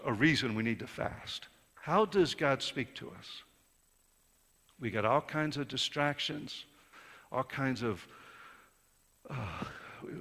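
A man preaching a sermon in a conversational way, rising to emphatic peaks and then dropping soft. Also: a little high, gravelly. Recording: reverberant hall.

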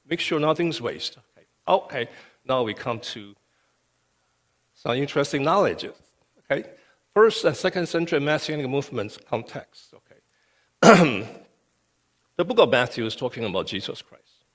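Pastor guy preaching, voice jumps all over, big echoey church hall. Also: medium pitch. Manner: emphatic, repeats "okay" often. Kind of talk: sermon. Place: church sanctuary. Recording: long reverb of a church hall.

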